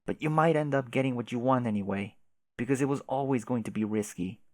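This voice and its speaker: Man voicing a patient companion, gentle, hushed, coaxing. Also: medium pitch, quick pace, dry recording, close to an everyday voice. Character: patient companion urging a grieving girl.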